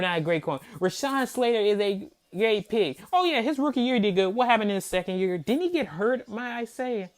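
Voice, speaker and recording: Man, angry fan reaction rant, mocking, swings up and down in pitch. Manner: heated, profane, repeats himself for emphasis; mocking, disbelieving. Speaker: sports reaction host.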